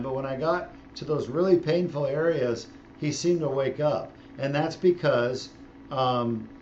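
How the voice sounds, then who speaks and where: A man's voice: medium pitch, a little mellow. Middle-aged man, spine surgeon, casual and joking, slightly dull operating-room audio, faint hum behind. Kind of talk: explaining while operating.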